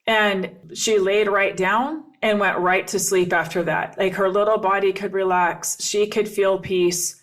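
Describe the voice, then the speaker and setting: A woman's voice: medium pitch, fairly even intonation, a little slow, hardly any pauses. A middle-aged woman hosting a podcast, telling a personal story in an earnest, reflective way and repeating phrases for emphasis. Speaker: podcast host and coach.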